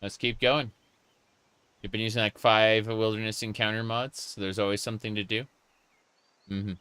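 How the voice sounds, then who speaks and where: A man chats his way through a game stream, playful and joking as he reads chat aloud. His voice is low and clear, and he takes his time. The sound is dry and close. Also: flat delivery, normal speed, long pauses, a bit bright, no room sound. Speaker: gaming streamer. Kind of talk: casual live gameplay commentary.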